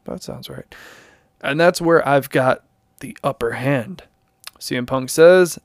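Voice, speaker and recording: A young man hosts a podcast in a relaxed, rambling way, joking at his own stumbles as he reads aloud. His voice sits at an ordinary pitch for a man. It sounds dry and close, with no room around it. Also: measured pace, dry recording. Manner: rambling and jokey, stumbles while reading. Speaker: podcast host. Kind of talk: casual commentary, reading aloud.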